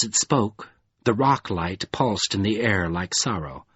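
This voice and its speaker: A man narrates a fantasy audiobook with a husky voice and a lively, rising and falling reading. The recording is dry and a little dull, as if made close up in a small home setup. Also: lowish voice, unhurried, no echo. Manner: expressive, dramatic reading.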